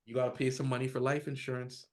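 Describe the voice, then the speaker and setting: A man's voice: medium pitch, flat delivery, quick pace. A man speaking as a guest in a podcast interview, talking emphatically and firing off one rhetorical question after another.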